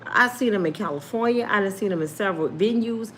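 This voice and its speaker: Animated woman telling a story. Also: mid-range voice, quick pace, a little hiss or hum. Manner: animated, laughs often, acts out quoted voices. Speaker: storyteller host. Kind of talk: casual storytelling.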